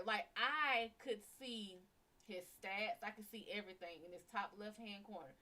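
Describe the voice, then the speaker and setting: A woman hosting a live psychic stream, telling a story casually, with blunt, heavily profane and animated delivery. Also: mid-range voice, normal speed.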